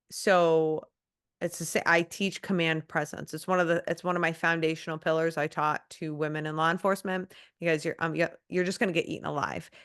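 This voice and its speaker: This woman has a lowish, slightly bright voice with a clean tone. A former police officer turned coach, she's a guest in a casual interview, speaking bluntly and emphatically and swearing now and then.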